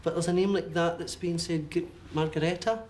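A man working as a medium, giving a reading to a sitter in halting, repeated phrases and checking in with "okay?". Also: fairly high pitch, steady tone, a little mellow, a little hiss or hum. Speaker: psychic medium.

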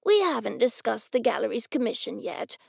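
A woman voicing an older male gallery owner who gushes with slow, drawn-out enthusiasm, in an audiobook. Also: on the high side, very animated, creaky, a little mellow, breathy edge, no room sound, clean studio sound, full character voice. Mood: gushing.

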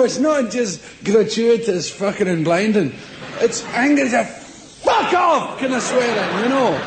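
A man's voice: very high voice, background noise. A middle-aged Scottish man performing live stand-up comedy in a large theatre, boisterous and swearing freely as he acts out little scenes. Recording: echoey live stage recording with crowd. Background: audience laughter.

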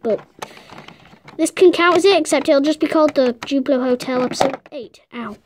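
A woman's voice: high-pitched, moderate pace, a little hiss or hum. A girl hosting a casual video, narrating toy play in a chatty, giggly, rambling way. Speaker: video host.

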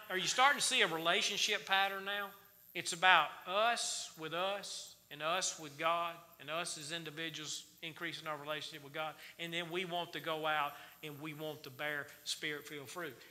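Male church teacher, sharp ringing tone, folksy Bible-study delivery, echoing sanctuary. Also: fairly high pitch. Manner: folksy, quizzes the congregation with questions. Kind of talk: Wednesday night Bible study sermon. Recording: reverberant church hall.

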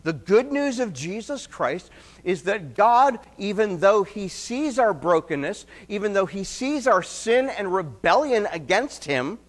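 A male pastor preaching an expository sermon, telling stories and acting out quotes, then dropping to quiet emphasis. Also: sits high. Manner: animated storyteller, acts out quotes, drops to quiet emphasis.

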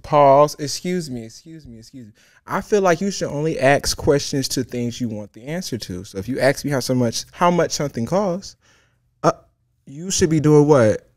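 A young man hosting a comedic story time, animated and profane, jumping from loud outbursts to hushed asides. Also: a little high, moderate pace, dry recording, clean studio sound. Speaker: host.

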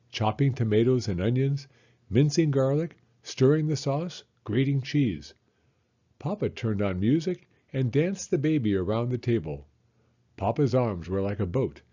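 Male storyteller for kids, mellow husky voice, lively read-aloud, dull lo-fi home recording. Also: medium pitch. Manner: expressive, animated narration. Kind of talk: children's book read-aloud.

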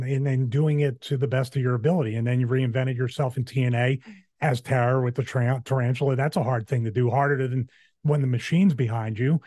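A middle-aged man, a guest, telling backstage stories in a lively, casual chat. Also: medium pitch, dry recording, studio quality. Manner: animated, rapid anecdotes with laughs. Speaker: guest, former wrestler.

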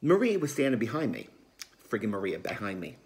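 A man's voice: fairly low pitch, wildly swooping pitch, brisk, darkish tone. A man playing a gossipy South Philly aunt. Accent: Philadelphia. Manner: rambling, chatty, emotional, defensive. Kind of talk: comedic character monologue.

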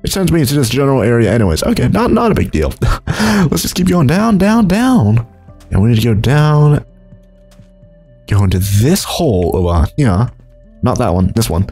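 Faint music sits behind a young man narrating Minecraft at normal speed, his darkish, breathy-edged voice making big pitch swings. As a gaming YouTuber, he rambles and chuckles, shifting between low mumbles and high exclaims.

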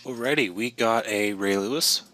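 A man moderating a live online class, answering in a low-key, matter-of-fact way. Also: moderate pace, background noise.

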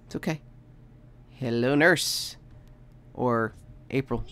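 Creaky-voiced gamer chatting over gameplay. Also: medium pitch, expressive, normal speed, long pauses, fairly bright tone, dry recording. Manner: chatty, talks to the game characters, bursts of mock panic. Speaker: let's play host. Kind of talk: casual gameplay commentary.

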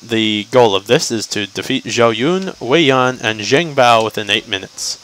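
A man's voice: medium pitch, expressive, a little slow, a bit bright, slight background noise, rough recording. A young man giving casual gameplay commentary for a guide video, rambling and joking to himself as he plays.

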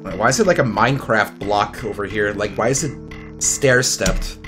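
A man's voice: on the low side, moderate pace, bright, forceful tone, soft background music. A male streamer giving wry, rambling commentary as he plays and reads a fan game aloud.

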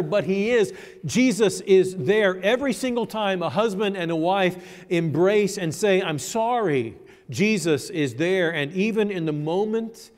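A man preaches in a church, his fairly high voice trailing off into the long reverb of the sanctuary. He slows for dramatic pauses and then builds to emphatic, repeated lines. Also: a little mellow. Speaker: pastor. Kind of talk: sermon.

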